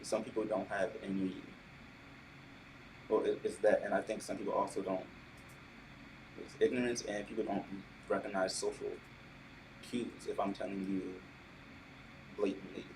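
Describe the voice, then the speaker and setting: A low-voiced man on a podcast who lays out his argument carefully, one step at a time. There is a faint hiss under his voice. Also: level tone. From Prince George's County, Maryland. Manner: measured, explains his point step by step. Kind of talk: casual podcast chat.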